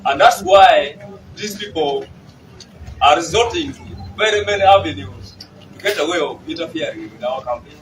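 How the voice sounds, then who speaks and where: Ugandan party chairman at a press brief, fairly high voice, far from the mic amid noise. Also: lively intonation, moderate pace. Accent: Ugandan English. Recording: noisy room from far off.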